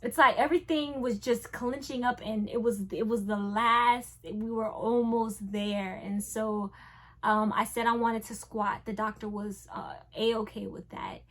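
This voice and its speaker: A young woman, telling a casual storytime vlog. She swings between hushed and loud. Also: on the high side, steady tone, unhurried. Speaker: vlogger.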